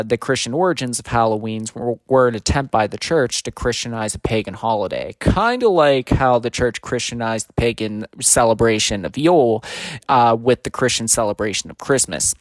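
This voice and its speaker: A man of medium pitch addresses his viewers in an earnest, explanatory teaching talk. He speaks from a prepared script with an occasional "uh". The sound is dry and close to the mic, with no room echo. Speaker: Christian teacher.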